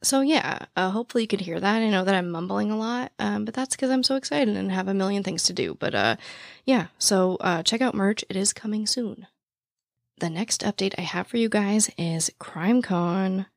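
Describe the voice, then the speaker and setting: A woman hosting a podcast after-show in casual chat, with a naturally raspy voice, talking very fast and out of breath. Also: medium pitch, no echo, studio quality. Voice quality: naturally raspy voice with vocal fry. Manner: talks very fast, excited and rambling. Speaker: podcast host. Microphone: studio microphone, standing.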